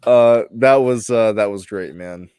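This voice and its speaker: A man's voice: lowish voice, unhurried, clean tone, no room sound, studio quality. A man hosting a casual podcast chat, joking and swearing freely. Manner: animated, profane, joking. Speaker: podcast host.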